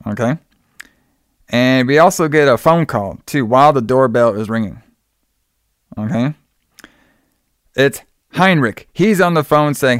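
A man loosely recounts a film's plot in a casual chat, leaning on fillers and quoting characters as he goes. His voice is smooth and resonant, at an ordinary pitch. The recording is dry and close, with no room sound. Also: moderate pace, fairly bright tone, dry recording. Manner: loose, filler-heavy retelling with quoted lines.

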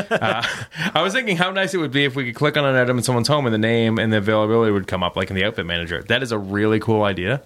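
A man's voice: fairly low pitch, racing, a bit bright. A young adult man co-hosting a casual podcast, reading listener questions and joking around with frequent laughs. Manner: jokey, laughs often, reads listener questions. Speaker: podcast co-host.

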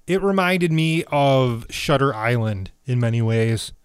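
A man hosting a movie podcast, chatting casually in a quick, frank way. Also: medium pitch, expressive, smooth, no echo, clean studio sound. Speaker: podcast host.

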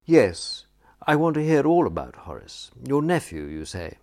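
A man's voice: mid-range voice, very animated, a little slow, darkish tone, pitched above the performer's own voice. A man reading an audiobook, voicing a suave elderly lord who speaks politely with dry amusement. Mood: amused. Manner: polite, dryly amused, coaxing. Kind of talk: audiobook character voice.

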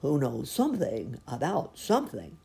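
A woman's voice: a bass voice, huge pitch swings, moderate pace, vocal fry, dark tone, exaggerated voice. A woman reading a storybook aloud, voicing a friendly, simple young male bear who speaks earnestly.

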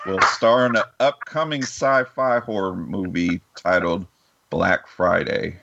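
Deep gravelly man reading podcast news. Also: fairly even intonation, unhurried, lo-fi sound, very noisy. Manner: reads news items with frequent "uh" fillers. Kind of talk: casual podcast chat.

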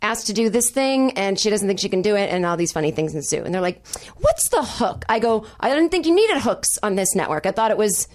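A woman's voice: medium pitch, quick pace, hardly any pauses. A woman in her forties, a comedian guest telling a story in casual chat, acting out both sides of the conversation with wry humor. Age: 40s. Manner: animated storyteller, acts out quoted exchanges, wry and self-deprecating.

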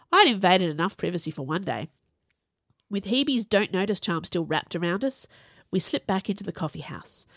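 A woman reading a first-person fantasy story in a wry, chatty tone with a lively, bouncing voice. The recording is dry and close, with no room sound. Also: lowish voice, dry recording. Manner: wry, conversational, expressive. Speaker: audiobook narrator.

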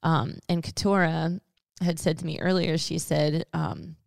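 Low, gravelly-voiced woman co-host. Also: steady tone, unhurried, dry recording, clean studio sound. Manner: earnest, rambling with fillers, laughs often. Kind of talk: faith podcast conversation.

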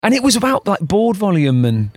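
Man, podcast co-host, rambling, self-mocking, lively pitch, dry close sound. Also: fairly quick, no room sound. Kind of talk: casual chat.

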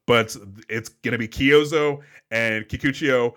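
A man's voice: mid-range voice, unhurried, few pauses, a bit bright. A man co-hosting a casual movie-review podcast, wry and joking, with some swearing. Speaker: podcast co-host.

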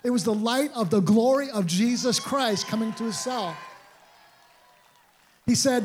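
Older male pastor, high-pitched, earnest emotional sermon storytelling. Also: unhurried, long pauses, slight background noise. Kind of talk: sermon testimony.

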